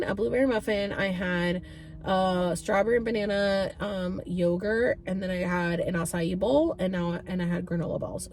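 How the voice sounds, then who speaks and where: Woman, casual vlog storytelling, chatty, animated, curses freely, mid pitch. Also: slight background noise. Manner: chatty, animated, swears freely, many fillers. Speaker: vlogger.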